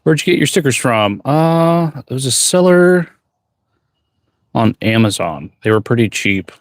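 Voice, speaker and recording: A man's voice: medium pitch, expressive, measured pace, no echo, studio quality. A man who is a blacksmith, chatting casually on a livestream from his forge workshop, rambling and reading viewer questions aloud.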